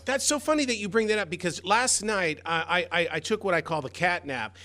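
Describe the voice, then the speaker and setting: A man's voice: sits high, fairly quick, loud music behind the voice. A man hosting a casual interview, asking questions in an eager, chatty way.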